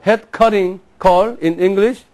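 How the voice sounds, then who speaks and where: A man giving a classroom lecture, repeating names slowly and having the class say them after him. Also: sits high, darkish tone. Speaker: Bible teacher.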